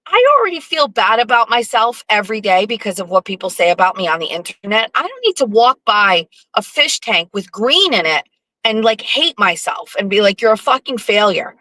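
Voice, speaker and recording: Bright, brash woman ranting on a stream. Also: medium pitch, normal speed, no room sound, rough recording. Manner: profane, animated storytelling with sarcastic asides. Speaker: show host. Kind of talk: casual live-stream monologue.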